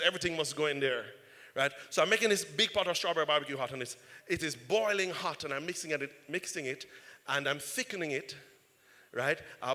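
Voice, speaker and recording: A male pastor telling a story in an animated sermon, often checking in with "right?". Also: fairly high pitch. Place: church. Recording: reverberant church hall.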